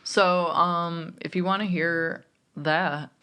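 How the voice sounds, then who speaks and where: A podcast co-host in casual chat who speaks bluntly, swears freely and quickly agrees with the others. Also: mid-range voice, steady tone, sharp tone, smooth.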